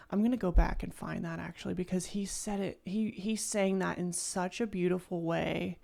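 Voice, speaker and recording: A woman hosting a casual first-listen music reaction, gushing and soft-spoken, often stopping and restarting her sentences. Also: on the low side, steady tone, moderate pace, vocal fry, hardly any pauses.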